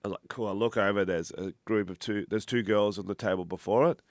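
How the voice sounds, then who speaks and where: A man's voice: fairly low pitch, quick pace, no echo, clean studio sound. A man co-hosting a podcast, telling stories casually with laughs and swearing. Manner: laughing, swearing, animated storytelling. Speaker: podcast co-host. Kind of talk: casual chat.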